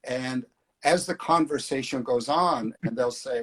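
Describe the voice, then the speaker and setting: A man's voice: medium pitch, moderate pace, slightly rough. A middle-aged man organizing flying tours, chatting casually in an interview with many fillers. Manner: relaxed storyteller, hesitant fillers.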